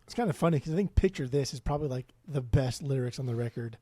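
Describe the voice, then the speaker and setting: Blunt, sweary man with a dark tone. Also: mid-range voice, lively intonation, quick pace, breathy edge, no room sound. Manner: blunt, swears freely, stammering restarts. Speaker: podcast co-host. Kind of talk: casual music podcast chat.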